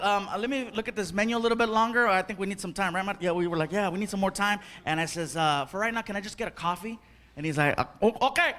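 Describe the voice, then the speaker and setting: High-voiced man telling stories on stage. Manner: animated, laughing, loud impressions. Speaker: stand-up comedian. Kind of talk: stand-up storytelling. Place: on stage before a live audience. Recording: crowd laughter and noise.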